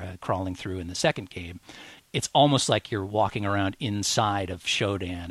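A man's voice: fairly low pitch, a bit bright, no room sound. A man co-hosting a podcast, chatting eagerly and rambling with lots of fillers and restarts. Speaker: podcast co-host. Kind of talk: casual chat.

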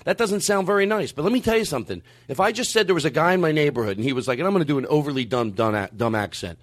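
An argumentative man with a lively voice that leaps up and down in pitch. He talks in a heated, emphatic way and sometimes pushes close to shouting. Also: rapid-fire. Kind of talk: heated conversational rant.

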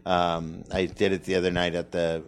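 Comedian guest, very low gravelly voice, reflective and candid. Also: male voice, monotone, moderate pace. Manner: earnest, reflective, rambling with restarts. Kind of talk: candid interview conversation.

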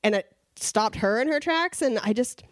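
A woman's voice: fairly high pitch, expressive, normal speed, no room sound, clean studio sound. A woman co-hosting a casual podcast chat, telling stories animatedly, acting out quotes and laughing often. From Los Angeles area. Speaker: podcast co-host.

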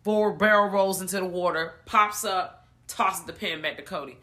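A woman co-hosting a podcast, retelling a movie in animated, profane casual chat full of slang. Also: lowish voice, moderate pace. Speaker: podcast co-host reviewing a film.

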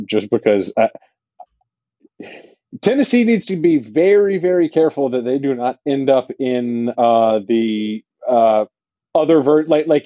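A man co-hosting a sports podcast, talking casually and haltingly with many restarts. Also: mid-range voice, no echo. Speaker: podcast co-host. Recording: dry, dull lo-fi mic.

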